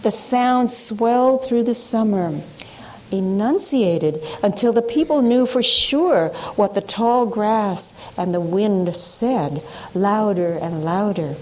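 Woman reading a story real slow, soft warm voice, quiet and careful. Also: medium pitch, rough recording. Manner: slow, hushed, measured delivery with voiced quotes.

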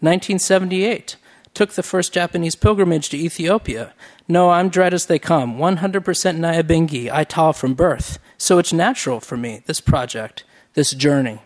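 A man voicing a cheerful, loud office worker who speaks with a labored, exclamatory Jamaican accent. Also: fairly high pitch, moderate pace, natural voice. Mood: proud. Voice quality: overloud, gummy, exclamatory.

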